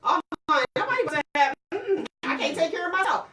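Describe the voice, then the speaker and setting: A woman hosting a casual talk show, telling lively stories about her children and acting out their lines. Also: very high-pitched, fast, distant mic, noisy background. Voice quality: lively storyteller, acts out quotes. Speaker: host. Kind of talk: casual chat. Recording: roomy, off-mic.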